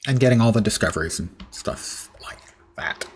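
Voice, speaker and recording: A man with a husky, raspy voice, clearing his throat often, giving chatty live commentary while streaming a game. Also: fairly low pitch, animated, moderate pace, slight background noise.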